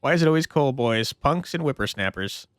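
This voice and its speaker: A man's voice: medium pitch, expressive, fairly quick, clean tone, no echo, studio quality, natural voice. A man voicing a grumpy old man sitting alone in a diner, grumbling and complaining. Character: grumpy old man, lonely café regular.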